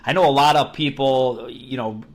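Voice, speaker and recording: A man hosting a podcast interview, relaxed and reassuring, asking long, enthusiastic questions. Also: medium pitch, normal speed. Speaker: podcast host. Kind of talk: casual interview.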